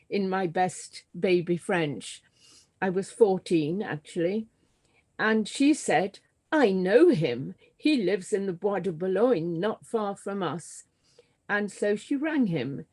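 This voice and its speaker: Slow, mellow older British woman storyteller. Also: mid-range voice. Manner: halting, with many ums and restarts. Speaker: guest, scenographer and author. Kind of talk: conversational storytelling.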